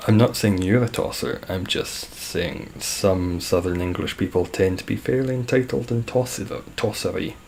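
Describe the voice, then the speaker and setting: A young man with a Scottish accent talks casually over his live game stream, answering chat with deadpan sarcasm. His low voice has a gravelly, creaky edge, and faint noise hums underneath. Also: moderate pace, hardly any pauses. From Scotland. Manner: dry, sarcastic and joking.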